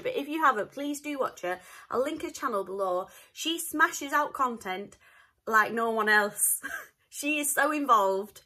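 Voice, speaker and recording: A Northern English woman vlogging from home, chatting to camera in a rambling, cheerful way. Her voice sits fairly high and rings bright and forward. She drifts into little asides as she talks. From north of England. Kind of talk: casual chat to camera.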